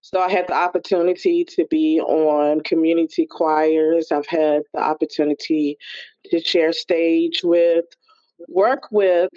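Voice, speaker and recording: A woman, a gospel singer and actress, telling her story in a chatty, animated way over a remote call. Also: on the low side. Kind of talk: casual storytelling interview. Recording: muffled remote call audio.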